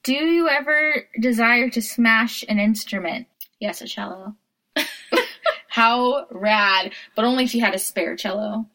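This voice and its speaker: A woman's voice: on the high side, measured pace, pushed and bright. A woman co-hosting a casual podcast chat, playful and rambling, laughing often. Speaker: podcast co-host.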